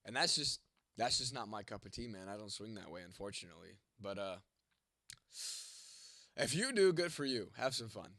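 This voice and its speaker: A young man hosts a livestream, answering chat bluntly and teasingly while swearing constantly, congested and losing his voice to a cold. His fairly low voice is animated, pushed and bright, moving at a moderate pace with frequent pauses and no echo.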